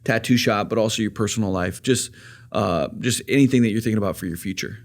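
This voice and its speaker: A man hosting a casual podcast interview, relaxed and backing up the guest with short agreeing words. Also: fairly low pitch, quick pace, gravelly. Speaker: podcast host.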